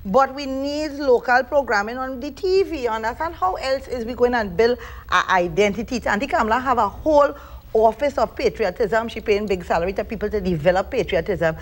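A woman with a Trinidadian accent and a high voice talks in a casual interview. She hosts her own show, uses Creole grammar, and keeps checking in with "you understand?". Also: fairly quick. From Trinidad and Tobago. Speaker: show host.

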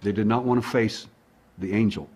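Husky-voiced male investigator recounting a case with lively, acted-out dialogue. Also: on the low side, moderate pace. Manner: animated, acts out dialogue. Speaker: alien abduction investigator. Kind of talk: storytelling monologue.

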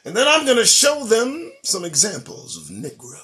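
A man hosting his own show, delivering a profane, preachy political monologue that swings between loud emphasis and low asides. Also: wildly swooping pitch, normal speed, few pauses. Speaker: host.

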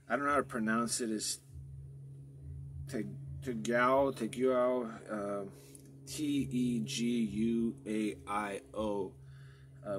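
A man with a lowish voice rambles through old maps in an unscripted way, stopping and restarting his thoughts. His sentences often fade into quiet mumbles. A faint hiss sits under the recording. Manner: meandering, many fillers and restarts, trails off quietly. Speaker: vlogger. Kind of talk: rambling off-the-cuff commentary over old maps.

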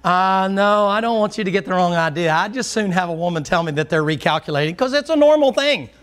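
High-voiced joking pastor. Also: male voice, expressive, fast. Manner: folksy, joking, swings between loud and low. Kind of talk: sermon.

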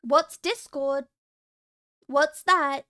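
Giggly high-voiced woman streamer. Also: steady tone, extremely slow, pushed and bright, no echo, studio quality. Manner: playful, teasing, giggly. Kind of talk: casual stream chat.

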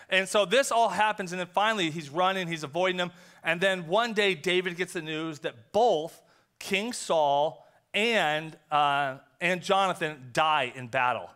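A male pastor giving a conversational sermon, telling a story with quick acted asides. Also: sits high, sharp tone, clear, resonant tone. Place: church sanctuary.

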